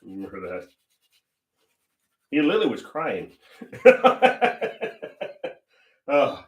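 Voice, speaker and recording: A man's voice: mid-range voice, wildly swooping pitch, slow, far from the mic. Chatty older man, roomy sound. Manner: chatty storyteller, laughs often. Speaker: painting livestream host. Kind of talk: casual chat while painting. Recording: roomy echo.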